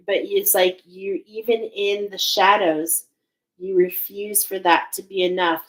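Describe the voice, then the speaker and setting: A woman's voice: on the low side, low-quality recording. A woman giving a spiritual oracle card reading, speaking in a searching, emotional way with many restarts.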